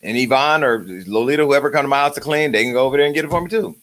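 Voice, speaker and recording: A man hosting his own show delivers an uncensored comedic rant, profane, joking, and angry. His mid-range voice races along with a slightly bright tone.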